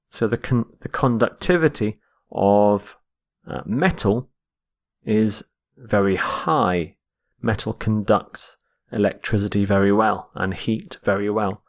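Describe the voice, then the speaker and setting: A man teaching English vocabulary, explaining each word slowly and repeating it to show where the stress falls. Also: mid-range voice. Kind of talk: slow, explained vocabulary lesson.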